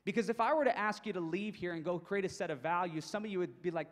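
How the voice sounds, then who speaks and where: Male motivational speaker, high voice, energetic and emphatic, long hall reverb. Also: fast. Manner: energetic, emphatic, repeats points for stress. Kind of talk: keynote presentation.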